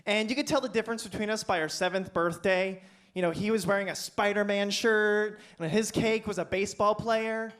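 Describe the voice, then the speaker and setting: Campy high-voiced male stand-up comic. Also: a little fast. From Pennsylvania. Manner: campy, animated, playful with the crowd. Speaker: stand-up comedian. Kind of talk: stand-up set. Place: comedy club stage.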